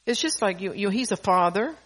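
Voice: medium pitch, lively intonation, brisk, fairly bright tone. A preacher and parent giving a sermon, reading psalms aloud in an earnest voice that swells in force on key lines and often stumbles and restarts mid-phrase. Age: adult parent.

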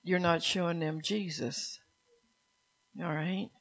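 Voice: mid-range voice, fairly even intonation, slow, fairly bright tone, low-quality recording. A preacher giving an earnest, exhorting sermon to a congregation in a room, often restarting and repeating phrases.

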